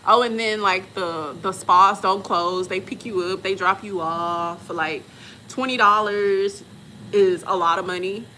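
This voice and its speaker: A woman's voice: mid-range voice, steady tone, a little slow, sharp tone, a little hiss or hum. A woman in her forties from Texas, telling travel stories in casual, slangy chat and laughing often. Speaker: vlogger and respiratory therapist.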